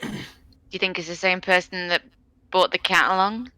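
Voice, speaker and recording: A woman playing a tabletop game, chatting in a lively, playful way. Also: lowish voice, normal speed, smooth, poor audio. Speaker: player. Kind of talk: casual chat at a tabletop game.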